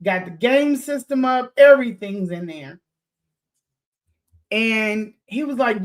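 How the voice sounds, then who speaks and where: A woman spins a story for her listeners. Her voice sits a bit high, and she talks loosely and animatedly, swearing here and there and acting out what everyone said. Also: moderate pace. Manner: animated, swears freely, laughs, acts out quotes. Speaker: podcast host.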